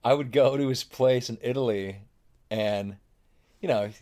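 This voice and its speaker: Mellow and a little slow, this medium-pitched middle-aged man is a podcast guest in casual conversation. His self-deprecating stories wander, and he swears without holding back.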